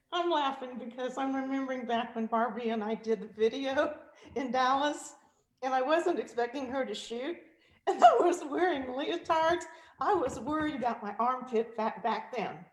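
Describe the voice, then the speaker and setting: A woman with a fairly high voice coaching singers over a video call, demonstrating exercises with quick sung snippets and easy laughter. Her voice rings in an echoey room. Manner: animated, demonstrative, laughs often, sings vocal exercises. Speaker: vocal coach and guest speaker. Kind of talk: vocal technique demonstration. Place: virtual meeting.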